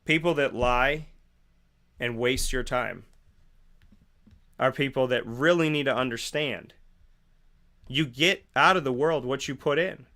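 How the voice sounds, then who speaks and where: A male host gives a preachy motivational morning monologue in a mid-range, pushed, bright voice, at a measured pace with frequent pauses. He asks rhetorical questions, repeats phrases for emphasis, and acts out both sides of imagined conversations.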